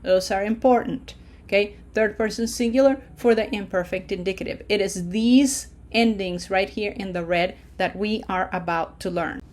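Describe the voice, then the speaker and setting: With a mid-range, slightly mellow voice, a woman teaches a Spanish lesson using slides. She takes a patient, deliberate approach, checking in often and lengthening vowels when demonstrating words.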